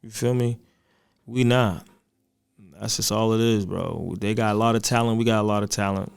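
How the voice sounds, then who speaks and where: A man's voice: lowish voice, fairly even intonation, moderate pace, vocal fry, smooth. Young man, rapper guest, loose slangy storyteller. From Boston. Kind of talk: casual chat.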